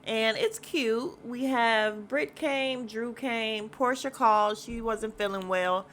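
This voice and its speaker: A woman's voice: on the high side, takes it slowly, a bit bright, slight background noise. Blunt, gossipy woman podcast host. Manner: blunt, gossipy and candid, with casual slang and cursing; chatty and rambling, with frequent fillers. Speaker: podcast host recapping a reality show. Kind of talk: casual recap chat.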